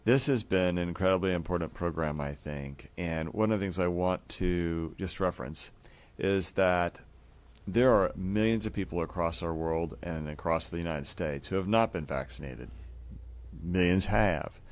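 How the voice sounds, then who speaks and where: A man's voice: deep voice, moderate pace. A man who is a doctor and co-host, speaking earnestly and sincerely to viewers.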